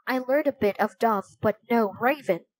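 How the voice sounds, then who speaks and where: A woman's voice: fairly high pitch, moderate pace, darkish tone, no room sound, close to an everyday voice. A woman voicing a confident, cheerful young man who speaks in a polite, old-fashioned way in a storybook reading.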